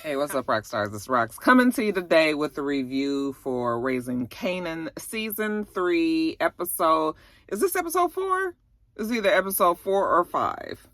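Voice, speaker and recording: A woman's voice: low-pitched, a little slow, no echo. A woman reviewing a TV episode in a casual, chatty recap, acting out the characters' lines as she goes. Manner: chatty, animated retelling with acted-out quotes. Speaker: TV review vlogger.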